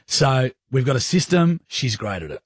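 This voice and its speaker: An Australian man with a husky, breathy voice spins a story in casual banter, acting out each voice as he goes. He sits at a middle pitch. The sound is dry and close, like a small studio. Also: normal speed, no echo. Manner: animated storyteller who acts out voices and sounds.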